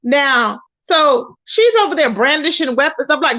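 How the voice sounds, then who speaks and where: A woman hosting a casual livestream, telling stories in an animated, expressive way with loud exclamations. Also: high-pitched, measured pace, lo-fi sound. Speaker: livestream host.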